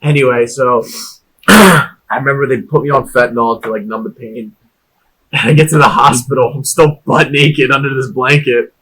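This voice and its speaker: A young man co-hosting a podcast, telling animated stories in casual chat and swearing a lot. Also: mid-range voice, normal speed, slightly rough. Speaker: podcast co-host.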